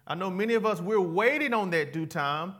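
A man's voice: high voice, expressive, brisk, fairly bright tone. A man preaching a sermon, speaking casually with slang and calling on the congregation to repeat words back to him. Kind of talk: sermon with call-and-response.

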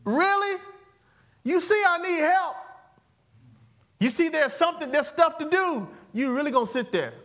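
A man preaching puts on a loud, exasperated voice of a grown man scolding helpers who sit idle. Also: very high voice, expressive, moderate pace, long pauses, pitched above the performer's own voice. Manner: loud, nagging, incredulous.

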